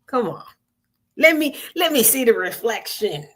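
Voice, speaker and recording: A woman's voice: fairly high pitch, very animated, measured pace, breathy edge. A woman hosting a weekly spiritual vigil on a live stream, talking informally and earnestly, repeating phrases and coaxing listeners to answer. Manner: colloquial and earnest.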